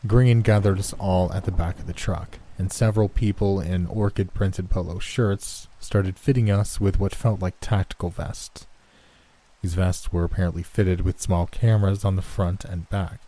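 A man narrating a first-person horror story in a measured, even storytelling manner. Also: low-pitched.

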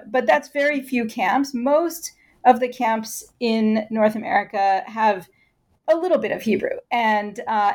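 A woman answering interview questions at length, explaining patiently and turning lively when she imitates chants. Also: a little high. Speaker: guest expert.

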